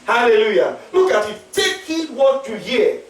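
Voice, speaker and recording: A man's voice: very high-pitched, sing-song, normal speed. Male pastor, fervent call-and-response preaching, echoing church heard from a distance. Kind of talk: sermon. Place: church hall. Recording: echoey church, mic at a distance.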